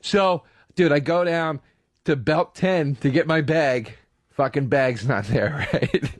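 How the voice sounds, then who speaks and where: A man's voice: a little high, slow, dry recording, clean studio sound. A man with an American accent, co-hosting a podcast, telling a story in a casual chat, acting out the people in it and swearing freely. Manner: animated, acts out people in his stories, swears. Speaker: podcast co-host.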